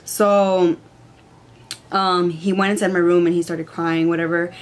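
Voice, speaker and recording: A woman's voice: fairly low pitch, flat delivery, unhurried. A young woman telling a story in a rambling way with lots of "like", in casual chat. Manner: rambling, says "like" a lot. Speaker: vlogger.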